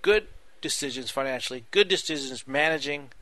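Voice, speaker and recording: A man's voice: mid-range voice, animated, fairly quick, bright, forceful tone, no echo. A man preaching a sermon, earnest and repetitive, often addressing the listeners as "my friends".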